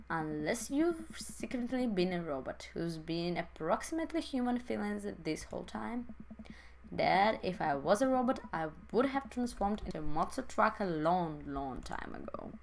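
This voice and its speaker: A woman's voice: mid-range voice, creaky. Woman doing a dorky supportive dad, jokey and a bit lost, faint hiss behind. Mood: reassuring. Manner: jokey, fumbling, tries hard to be supportive. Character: goofy, earnest middle-aged single dad.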